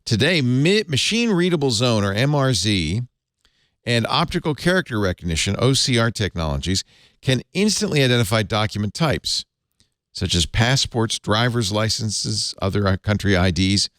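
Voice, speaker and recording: A man's voice: fairly low pitch, sing-song, normal speed, fairly bright tone, no room sound, clean studio sound. A man hosting a tech news panel show, chatting and reading a sponsor ad with many fillers and restarts. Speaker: host. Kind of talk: tech news panel chat and live ad read.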